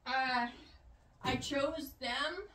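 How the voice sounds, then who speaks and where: Slow-talking older woman in an echoey shed. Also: high voice, steady tone, pushed and bright, slight background noise. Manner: soothing, coaxing with animals; rambling with many fillers. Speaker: homesteader. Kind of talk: casual vlog talk. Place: rabbit shed. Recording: echoey, distant from the mic, music behind.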